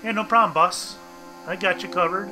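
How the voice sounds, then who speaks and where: A man's voice: high voice, moderate pace, over music. A young man casually commenting on a game for viewers, chatty and bemused, reading on-screen text aloud. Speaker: let's play gamer.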